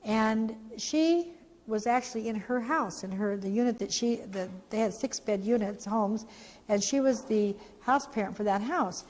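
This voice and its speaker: A woman founder tells a story to trainees with animated, expressive delivery. Her voice sits on the higher side. The talk rings out in a reverberant hall. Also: unhurried.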